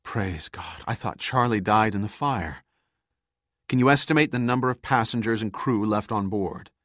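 A man voicing a resolute woman ship's purser in an audiobook, speaking with dry humor and a low voice. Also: normal speed, a bit bright, no room sound, lightly acted. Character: woman ship's purser, steady under pressure. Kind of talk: audiobook character reading.

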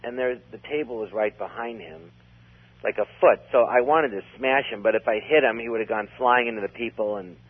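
A man's voice: medium pitch, fairly quick, husky. A man telling a long story in a casual, rambling way, full of restarts. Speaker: comedian guest. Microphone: phone. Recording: tinny phone line.

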